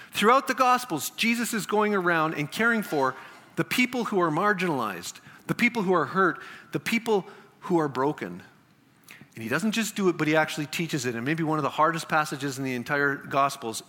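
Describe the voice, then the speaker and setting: A male pastor preaching a sermon in an animated way, briefly acting out biblical figures as he tells their stories. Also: sits high, long reverb tail.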